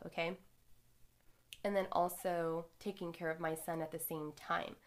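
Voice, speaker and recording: A young adult woman hosting, telling a personal story in a candid, animated way with casual swearing. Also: lowish voice.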